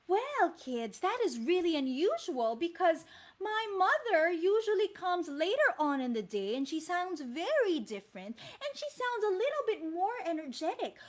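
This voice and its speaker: A sheltered young girl from a storybook, curious and unsure, thinking out loud and asking the kids for help, voiced by a Filipino woman. Her voice is very high and moves up and down a lot. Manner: wondering, talks to the kids.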